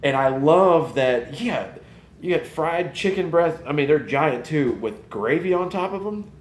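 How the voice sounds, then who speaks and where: A man, hosting a casual live podcast and rambling in an animated way. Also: on the high side, a little slow, reverberant, a little hiss or hum. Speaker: podcast host. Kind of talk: casual live-stream chat.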